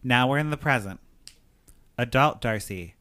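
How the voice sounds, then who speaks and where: A man's voice: medium pitch, lively intonation, normal speed, pushed and bright, dry recording. A man co-hosting a podcast, recapping a movie in a rambling, filler-heavy way. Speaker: podcast co-host. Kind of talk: casual movie recap chat.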